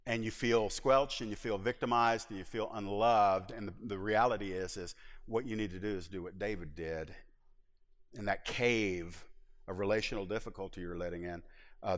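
A middle-aged man preaching a sermon as pastor, telling stories in an animated way with laughs and acted-out asides. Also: lowish voice. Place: church sanctuary. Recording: hall reverb from a church.

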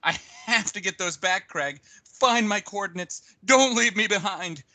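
A man's voice: high-pitched, unhurried, sharp tone. A man co-hosting a podcast, playing up a comedy skit with goofy, over-the-top drama. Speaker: podcast co-host.

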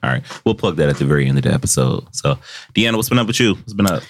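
A man's voice: a bass voice, animated, racing. A man hosting a podcast in casual chat, joking and teasing his guests in a loose, slangy way. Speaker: podcast host.

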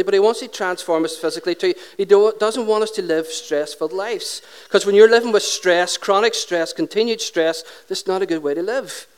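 Male pastor, smooth resonant tone, animated sermon storyteller who voices each character. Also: high-pitched. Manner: lively anecdotal storytelling, acting out dialogue.

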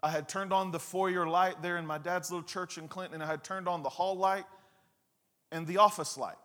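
A man preaching a sermon, telling a personal story with lively, acted-out scenes and asides to the congregation. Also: high-pitched, a little fast. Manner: animated storyteller, acts out scenes and quotes. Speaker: pastor.

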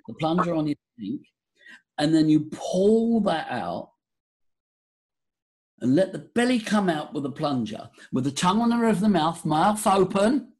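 A man on a podcast, guiding listeners through breathing as a voice coach. He talks in a theatrical, animated way with a somewhat high voice. His pitch swoops widely for emphasis. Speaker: voice coach guest.

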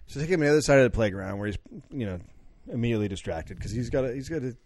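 A man's voice: on the low side, rapid-fire, hardly any pauses, dry recording. A man co-hosting a casual podcast, telling a story about himself and laughing at his own behavior. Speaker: podcast co-host. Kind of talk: casual chat.

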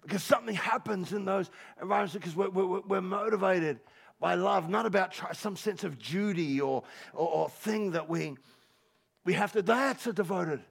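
A high-pitched man preaches with a gravelly edge in his voice, building from quiet reflection into passionate shouting. He repeats words as he gathers his thoughts and laughs along with the congregation, speaking at a church service. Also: normal speed. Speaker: pastor. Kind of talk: sermon.

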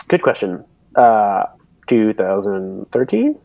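A man's voice: lowish voice, very animated, slow, creaky, mellow, no echo, rough recording. A young man, an interview guest, telling a long story in loose casual talk full of fillers, acting out the voices of other people. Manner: rambling, many fillers, acts out others' voices. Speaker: interview guest, bike racer and mechanic.

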